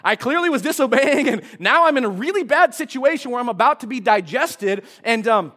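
A man preaching a sermon to a congregation as pastor, retelling a story in a lively way and acting out the characters. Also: very high-pitched, brisk. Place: church service before a congregation.

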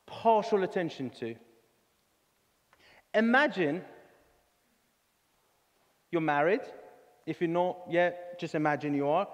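A man preaching a sermon in a church hall, earnest and halting, often restarting his words. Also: sits high. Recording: reverberant church hall with soft music.

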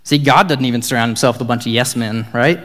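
A man's voice: medium pitch, quick pace, fairly bright tone. Casual young man retelling a Bible story. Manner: casual, joking, upbeat storytelling.

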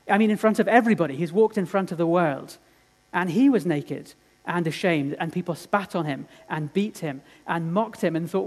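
A male preacher tells his sermon as a dramatic, earnest story at a moderate pace. His slightly high voice gets loud in the dramatic stretches and drops to a hush for tender moments.

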